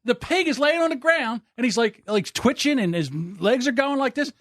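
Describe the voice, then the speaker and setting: A man hosting a podcast, telling a rambling story in a lively, laughing way. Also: very high-pitched, normal speed, dry recording, clean studio sound. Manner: animated, laughing, repeats himself. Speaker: podcast host. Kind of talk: casual storytelling.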